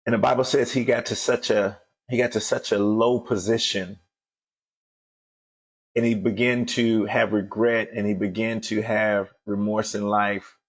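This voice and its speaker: A man's voice: on the low side, level tone, unhurried, slightly rough. A man giving an emphatic motivational sermon as host of a daily show, repeating phrases as he builds to fervent calls to action.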